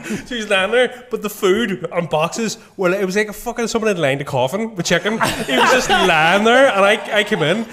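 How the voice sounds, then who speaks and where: A young man with a Belfast accent tells anecdotes on a casual podcast, his voice sitting a little high. He laughs through his stories and swears freely. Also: animated, moderate pace, few pauses, fairly bright tone. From Northern Ireland. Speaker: podcast co-host and musician. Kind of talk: casual chat, storytelling.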